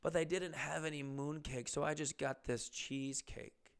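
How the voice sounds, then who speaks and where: A man imitating a chatty middle-aged woman shopper with a Chinese accent, in a high, slow, singsong voice. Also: fairly even intonation, vocal fry, clean tone. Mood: explaining.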